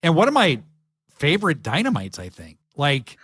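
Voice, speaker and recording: A man's voice: on the high side, wildly swooping pitch, normal speed, fairly bright tone, husky, dry recording, studio quality. A man hosting a podcast, chatting eagerly and rambling with lots of fillers. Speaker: podcast host. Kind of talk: casual chat.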